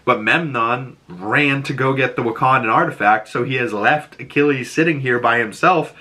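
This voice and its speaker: Brief: male video reviewer, chatty, loose recap, bright tone, mid pitch. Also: moderate pace. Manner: rambling, animated retelling with filler words. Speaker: YouTube reviewer. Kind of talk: casual episode recap.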